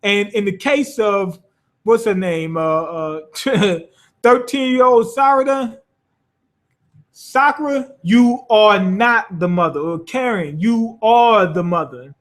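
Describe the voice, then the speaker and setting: A man's voice: sits high, slow pace. A man casually reviewing a manga chapter, rambling and swearing freely, amused by the story. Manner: rambling, profane, loose and amused.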